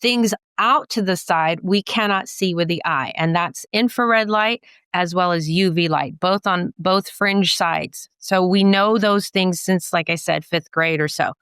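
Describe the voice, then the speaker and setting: A woman with a low, smooth, resonant voice explains eye health like a teacher who enjoys a joke. Her talk is playful and explanatory, with quick asides and puns. The sound is dry and close. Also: a bit bright, dry recording. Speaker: optometrist and professor giving a guest lecture.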